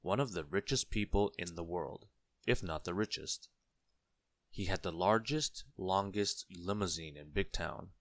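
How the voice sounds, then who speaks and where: A man with a very low, deep voice reads a children's storybook aloud. He takes his time and stresses words for effect. The sound is dry and close, with no room echo. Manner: slow, deliberate storytelling with dramatic emphasis.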